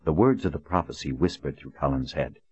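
A man narrating a fantasy novel in a measured, even way, on a dull, lo-fi recording. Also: rumbling low, slightly rough. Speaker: audiobook narrator. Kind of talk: scripted narration.

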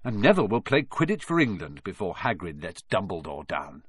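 A man's voice: low-pitched, sing-song, fairly quick, slightly rough, no echo, studio quality, exaggerated voice. A man voicing an easygoing, lazy schoolboy wizard in a storybook reading, laid-back and reassuring.

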